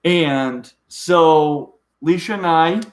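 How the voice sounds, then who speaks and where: A middle-aged man chatting on a live stream with a fairly high voice, tumbling eagerly through his thoughts and restarting sentences. The room around him is echoey. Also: extremely slow. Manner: rambling, restarts often, eager. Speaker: host of a reptile channel. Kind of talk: casual live-stream chat.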